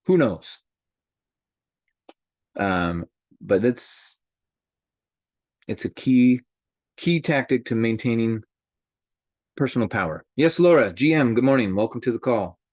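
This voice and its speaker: A man hosting a group call, talking in an animated way and speaking straight to his listeners. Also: mid-range voice, slow pace, pauses often, no room sound, clean studio sound. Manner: animated, addresses listeners directly. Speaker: host. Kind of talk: motivational group call talk.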